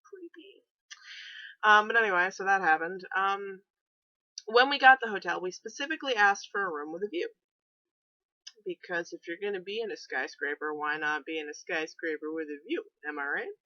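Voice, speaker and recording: A woman's voice: fairly low pitch, fairly quick, bright, forceful tone, dry recording, dull audio. Young woman rambling thru a road trip story, lots of ums, sarcastic, dry close sound. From New England, US. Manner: chatty, sarcastic, many fillers. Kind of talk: casual storytelling vlog.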